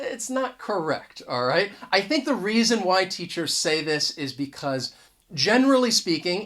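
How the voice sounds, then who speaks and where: An English teacher gives a casual lesson to camera, speaking conversationally, often restarting words and stressing key points. The voice is medium-pitched and a bit bright, picked up by the camera mic.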